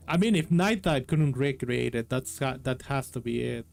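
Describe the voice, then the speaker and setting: A man's voice: medium pitch, lively intonation, normal speed, gravelly, darkish tone. A man casually chatting on stream about a game bug, then reading a novel aloud as narrator. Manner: rambling, swears casually. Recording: faint background music.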